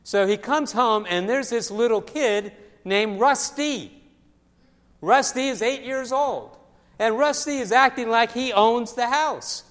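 A man preaching a sermon as pastor, telling stories in a lively way and often repeating his words. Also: very high-pitched, takes it slowly. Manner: storytelling, animated with acted voices, repeats words. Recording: long hall reverb.

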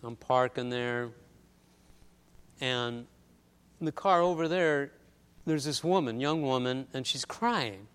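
A man's voice: mid-range voice, slow pace, pauses often, fairly bright tone, smooth. A man preaching a conversational storytelling sermon as a pastor, acting out little scenes with voiced quotes. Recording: long hall reverb.

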